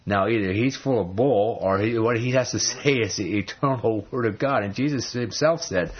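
A man's voice: on the low side, moderate pace, hardly any pauses, slightly rough, lo-fi sound. A man teaching from the Bible in a conversational sermon, emphatic and full of rhetorical questions. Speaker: preacher.

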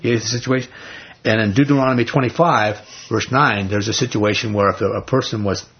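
A man's voice: lowish voice, fairly even intonation, fairly quick, slightly rough, lo-fi sound. A man leading an informal Bible study. He retells scripture in everyday speech and keeps asking the group rhetorical questions.

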